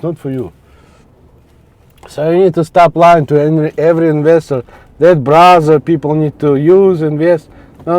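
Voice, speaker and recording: A man with a high-pitched voice rants furiously to camera, swearing and circling back over the same points in choppy phrases. The sound is dry and close, with no room echo. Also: a little mellow. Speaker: vlogger. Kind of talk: angry profane rant to camera. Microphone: wireless clip mic.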